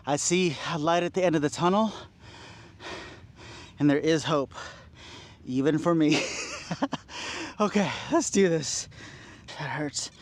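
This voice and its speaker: A man's voice: a little high, slow pace, pauses often, low-quality recording. Breathless man in his forties vlogging a workout. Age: 40s. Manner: self-deprecating, encouraging himself, sighs and laughs between sets. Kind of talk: workout vlog talking to camera. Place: outdoors at a beach.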